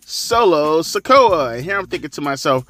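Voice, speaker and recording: Forceful, profane ranting man. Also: fairly high pitch, sing-song, moderate pace, soft background music. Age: 30s. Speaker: wrestling commentator. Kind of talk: ranting commentary.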